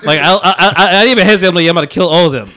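A man's voice: high-pitched, rapid-fire, pushed and bright. A man co-hosting a podcast, telling a long story in casual chat, rambling, laughing often and acting out what people said. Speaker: podcast co-host.

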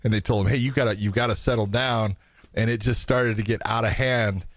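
A man's voice: lowish voice, steady tone, brisk, slight background noise. A man co-hosting a casual talk show, loose and profane, with lots of fillers. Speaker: co-host. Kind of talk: casual podcast chat.

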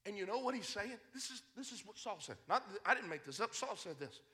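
A man preaching a fiery sermon to a youth service, shouting one moment and hushed the next, with many fillers between his phrases. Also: high-pitched, expressive, fast talker. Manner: swings from loud to hushed.

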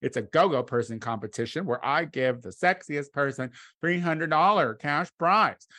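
A man co-hosting a casual comedic podcast, excitable and quick to jump up in pitch when amused. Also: no room sound. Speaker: podcast co-host.

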